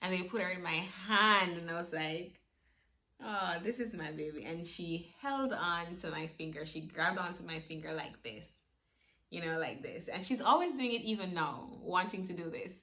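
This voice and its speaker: A woman's voice: fairly low pitch, moderate pace. A young woman, emotionally retelling a personal story in a vlog. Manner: animated, emotional retelling with laughs. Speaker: vlogger.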